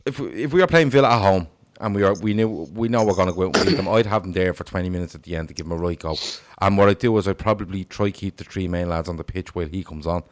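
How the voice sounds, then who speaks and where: A man's voice: low voice, fast talker. A man hosting a casual football podcast, talking animatedly and reading out viewer comments. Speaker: podcast host.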